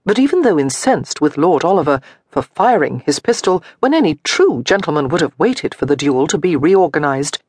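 Woman reading an audiobook, measured and expressive, dry close studio sound. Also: low voice, breathy edge, dry recording. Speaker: audiobook narrator. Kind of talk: scripted narration.

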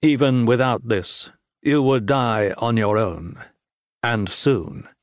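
A man's voice: mid-range voice, takes it slowly, no room sound, studio quality, lightly acted. A man playing a cold weary father. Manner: cold, quiet and flat.

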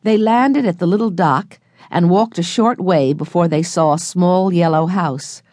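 A woman narrating a children's audiobook with clear, expressive storytelling, recorded close in a studio. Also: fairly low pitch, unhurried, dry recording. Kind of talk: scripted narration of a children's book.

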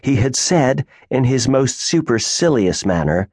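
A man narrating a science fiction audiobook in an expressive storytelling manner. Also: mid-range voice, unhurried, hardly any pauses, breathy edge, no room sound, studio quality. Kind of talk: scripted narration.

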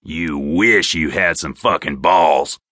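A man voicing a gruff, foul-mouthed, arrogant adult man in an audiobook, in a low, scornful voice. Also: slow pace, sharp tone, no echo, studio quality, heavily acted.

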